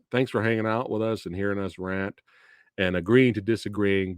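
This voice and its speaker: Excitable, profane man hosting a review stream. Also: on the low side, no echo, clean studio sound. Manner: profane, excitable, laughs often, rants. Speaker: host of a movie review channel. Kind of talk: casual spoiler review chat on a stream.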